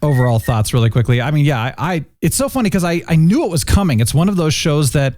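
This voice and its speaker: A man hosting a casual review chat, upbeat and jokey, his pitch swinging up and down a lot. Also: animated, quick pace, a little mellow, no echo, clean studio sound. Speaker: podcast host.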